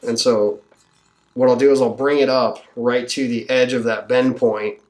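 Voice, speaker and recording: A man's voice: medium pitch, moderate pace, slight background noise. Man talking through a guitar setup. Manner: relaxed, thinking aloud while working, with fillers. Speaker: guitar builder demonstrating a setup. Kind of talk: hands-on instructional walkthrough.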